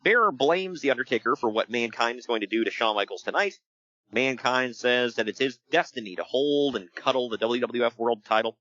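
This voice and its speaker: Jokey male podcast co-host, lively and bright, dull dry close mic. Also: medium pitch, no echo. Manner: animated, jokey, does quick voices for quotes. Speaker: podcast co-host recapping wrestling. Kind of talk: casual chat. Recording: dull lo-fi sound.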